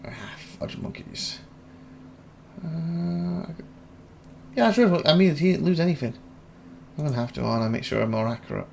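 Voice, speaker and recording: Excitable gamer, gravelly voice, faint hiss behind, casual commentary. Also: male voice, on the high side, normal speed, long pauses. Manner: excitable, laughs and shouts at wins and losses. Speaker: gaming YouTuber.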